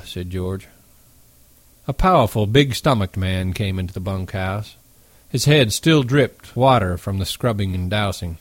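Low-voiced male audiobook narrator. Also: moderate pace, no echo.

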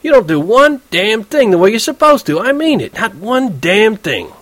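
A man voicing a vain, bossy male prep-school student in an audiobook, with loud scolding outbursts. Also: medium pitch, expressive, quick pace, no room sound, pitched above the performer's own voice, lightly acted. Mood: furious, scolding.

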